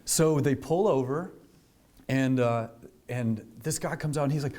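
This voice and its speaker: A government official stands at a podium telling a story to a business audience as part of a speech. He talks conversationally, full of fillers and restarts, in a mid-range, darkish voice at an unhurried pace.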